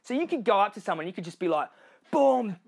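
Rapid-fire and full of big pitch swings, this man's high-set voice carries an Australian accent through a motivational speech to a crowd. He talks right to his listeners with frequent "okay?" and "you know", voicing other people's lines in changed tones.

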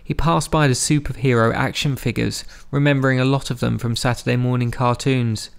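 A man narrating an audiobook in a steady, measured storytelling manner. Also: mid-range voice, gravelly, smooth.

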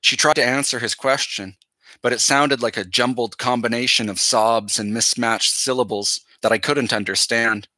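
A male teacher reading a novel aloud to his class in a steady, measured voice. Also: mid-range voice, no echo.

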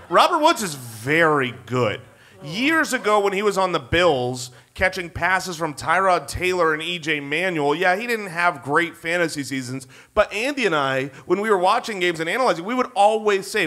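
Guy co-hosting a live show on stage, high bright voice, fast and pumped up. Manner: energetic, fast, emphatic pitching. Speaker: podcast co-host. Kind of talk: live podcast banter before an audience. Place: theater stage with live audience.

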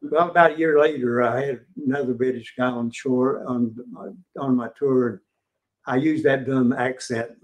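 An older man with a West Virginian accent giving an informal history lecture at a museum, halting with many fillers and restarts. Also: medium pitch, steady tone.

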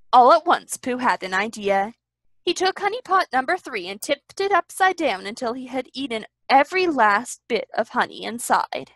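Library storyteller, woman, lively sing-song read-aloud, fairly high. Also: normal speed, no room sound.

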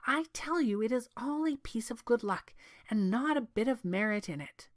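A woman's voice: on the high side, lively intonation, normal speed, lightly acted. A woman voicing a scheming, greedy male prime minister in a read-aloud story, speaking in a sly, insistent way. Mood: scornful.

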